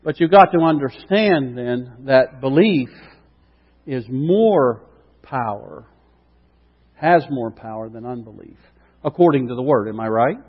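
A man preaching a sermon with emphatic rhetorical questions, dropping quiet and then rising loud. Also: mid-range voice, expressive, unhurried, pauses often. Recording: dull sound with long reverb.

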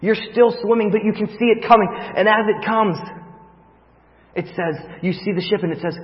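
A man preaching a sermon, telling a vivid story that swings from hushed to loud. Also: sits high, brisk. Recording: long reverb, dull lo-fi sound.

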